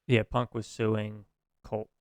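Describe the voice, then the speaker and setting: Dude chatting on a podcast, lots of ums, smooth voice, dry close mic. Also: male voice, fairly low pitch, little pitch movement, takes it slowly, no echo. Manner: hesitant, lots of ums and restarts, swears freely. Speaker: podcast co-host. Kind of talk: casual chat.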